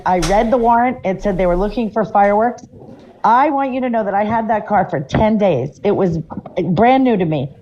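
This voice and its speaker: A woman's voice: medium pitch, mellow. A woman co-hosting a podcast, telling a story in a casual, wry way and relishing the details. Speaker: podcast co-host. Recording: slightly dull mic with faint noise.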